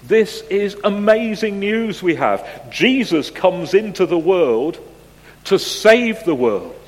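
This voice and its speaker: Pastor, male, conversational sermon with quiz questions, slightly higher voice, unhurried, church reverb. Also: lively intonation. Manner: conversational and gently humorous, asks the congregation questions. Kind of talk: sermon with picture-clue quiz.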